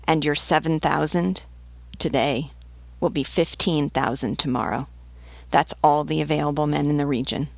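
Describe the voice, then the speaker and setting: A woman's voice: low-pitched, fairly even intonation, moderate pace, creaky, no echo. Woman reading as an earnest loyal rebel lieutenant. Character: loyal eager male peasant rebel leader.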